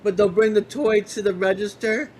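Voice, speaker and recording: A woman in a casual chat with friends, giggly and animated as she swaps pet stories. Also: mid-range voice, moderate pace.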